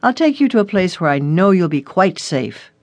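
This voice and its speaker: A stern, guarded male police detective from a storybook audiobook, as the narrator drops the voice lower for him. He speaks in a measured, serious way, and the recording is close and dry. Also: big pitch swings, no room sound. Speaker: detective character. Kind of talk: audiobook character reading.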